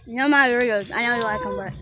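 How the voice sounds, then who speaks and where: A teenage girl vlogging outdoors with her dogs, excitable and out of breath, calling them loudly. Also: on the high side, rapid-fire. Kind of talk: casual dog vlog. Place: outdoors at a park. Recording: noisy outdoor phone recording.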